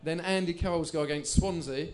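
A man's voice: a little high, fairly even intonation, a little fast, a little mellow. A man hosting a live podcast who quizzes his guest and reads out award results in a chatty way. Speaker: podcast host.

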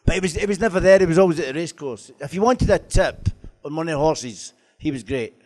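A man's voice: on the high side, animated, fast, darkish tone. A man, a former footballer telling laughing, swearing anecdotes at a live stage Q&A.

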